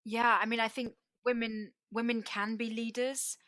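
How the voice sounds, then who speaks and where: A woman's voice: a little high, flat delivery, normal speed, fairly bright tone, no room sound, clean studio sound. A woman hosting a podcast interview, answering her guest in an affirming, encouraging way. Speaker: podcast host. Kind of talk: conversational interview.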